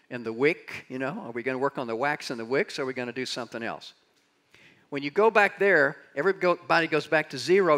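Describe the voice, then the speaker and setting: An older man delivers a keynote on leading change from a conference stage in a large hall. An animated storyteller, he acts out quotes with big jumps in pitch.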